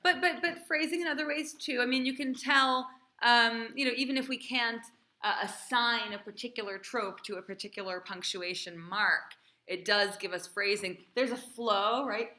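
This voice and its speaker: Bright-voiced woman teaching a class. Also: fairly high pitch, moderate pace. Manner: chatty, encouraging, quizzing students.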